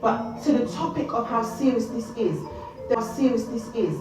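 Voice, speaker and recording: High-voiced woman arguing, swearing hard. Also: expressive, moderate pace, darkish tone, very echoey, recorded from a distance, faint music behind. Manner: confrontational, heavy swearing. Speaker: livestreamer. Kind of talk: heated doorstep argument on a livestream. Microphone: phone held in hand.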